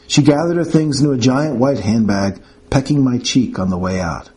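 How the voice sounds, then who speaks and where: A man reading first-person audiobook narration in a measured, wry storytelling manner. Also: medium pitch, a little mellow.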